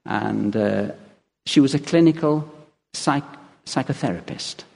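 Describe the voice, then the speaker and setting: A man preaching a sermon in a church, telling stories in a lively way and chuckling as he goes. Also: mid-range voice, unhurried, creaky. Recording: long reverb of a large hall.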